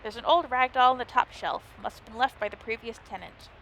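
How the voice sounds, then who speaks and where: A woman's voice: on the high side, fairly quick, vocal fry, a bit bright, slight background noise. A woman hosting a let's play, reading the game's narration aloud and chatting playfully between lines. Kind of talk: gameplay commentary, reading game text aloud.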